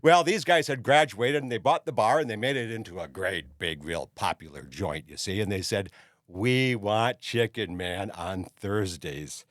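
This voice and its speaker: A man's voice: on the low side, measured pace, a bit bright, no room sound, studio quality. Older man rambling through a story. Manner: rambling anecdotal with frequent "you see" fillers. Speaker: host. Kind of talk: casual storytelling monologue.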